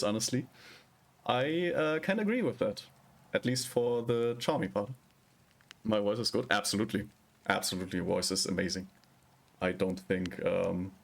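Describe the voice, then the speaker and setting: A man streaming live, chatting casually with viewers in a rambling, hesitant way. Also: lowish voice.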